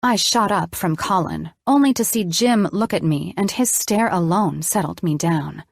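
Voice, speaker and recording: A woman's voice: fairly low pitch, normal speed, creaky, few pauses, no echo, studio quality. A woman narrating an audiobook in the first person, reading expressively.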